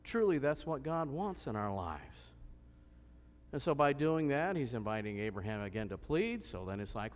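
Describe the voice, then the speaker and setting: A man's voice: mid-range voice, big pitch swings, normal speed. A man preaching a sermon, asking questions and stressing points with emphasis. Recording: long hall reverb.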